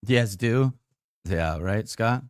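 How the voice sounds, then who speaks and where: A man's voice: lowish voice, slow, no room sound, clean studio sound. A young man streaming a game, chatting to his viewers in a rambling, profane way, packed with fillers as he tells stories. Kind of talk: casual chat with stream viewers.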